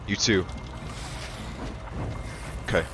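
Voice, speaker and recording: A man giving let's-play commentary, excitable and profane, yelling at the game and talking to his in-game partner like a buddy. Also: extremely slow. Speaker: gaming channel host.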